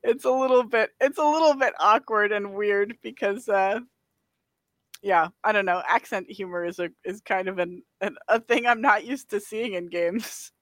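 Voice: medium pitch, normal speed, a bit bright, dry recording, studio quality. A podcast co-host in casual chat, rambling with many filler words and frequent laughs. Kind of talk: casual chat about a video game.

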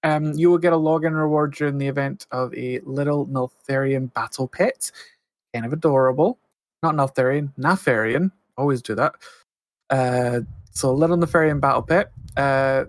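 A man's voice: medium pitch, vocal fry, no echo. A man co-hosting a podcast, reading out news items casually with frequent fillers. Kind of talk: casual chat.

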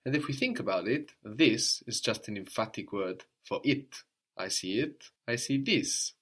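A man's voice: lowish voice, expressive, normal speed, husky. A man teaching a language lesson, patiently prompting his student with questions and explaining grammar.

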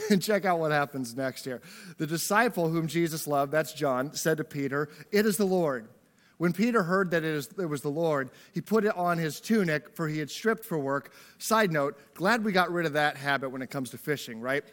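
A man's voice: fairly high pitch, normal speed, a bit bright. A man preaching a sermon to a congregation in a church. He talks casually and jokingly, often checking in with "right?" as he goes. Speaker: pastor. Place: church service before a congregation.

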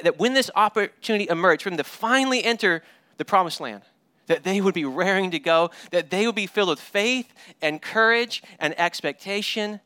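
Bright, lively-voiced male pastor. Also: sits high, no echo. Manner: animated storytelling with paraphrased dialogue; frequent word repeats and restarts. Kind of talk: sermon.

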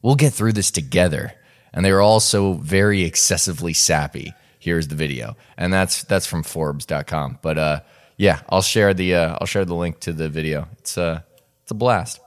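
Deep-voiced easygoing man. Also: normal speed. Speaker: podcast co-host. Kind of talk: casual chat.

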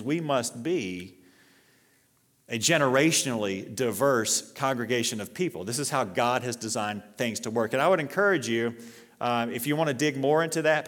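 Man preaching in a reverberant church hall. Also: medium pitch. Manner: conversational preaching with fillers and restarts, rising when reading scripture. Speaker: pastor. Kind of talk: sermon. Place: church sanctuary.

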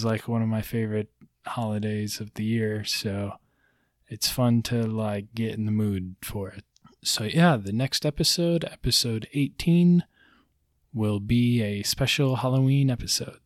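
A man hosts his own podcast in a relaxed, easygoing way, with frequent ums and uhs as he talks. His voice sits at an ordinary middle pitch. The sound is dry and close, with no room echo. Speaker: podcast host. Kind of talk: casual solo podcast talk.

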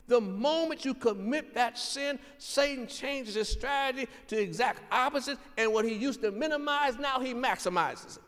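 A man's voice: very high-pitched, moderate pace, a bit bright, big-room sound. A man preaching a sermon in an earnest, emphatic way, repeating his key lines for weight. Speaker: pastor.

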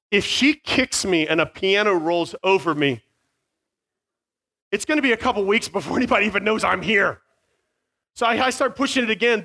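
With a high voice, a man entertains an audience with a humorous tale, poking fun at himself and performing sound effects. A small microphone sits close to his beard, and his delivery is animated.

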